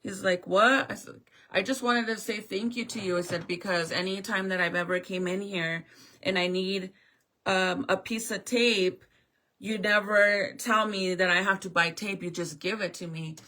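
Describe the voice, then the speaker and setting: Woman venting a storytime to camera, bright sharp voice, swears a lot. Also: medium pitch, moderate pace. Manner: animated, swears often, acts out both sides of the talk. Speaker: vlogger. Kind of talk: casual storytime rant.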